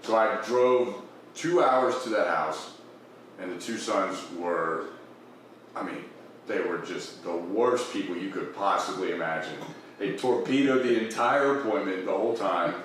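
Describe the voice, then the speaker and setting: A man telling a story in casual chat, relaxed and drawn out. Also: low-pitched, unhurried, slight background noise. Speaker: podcast co-host. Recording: very echoey room from a distance.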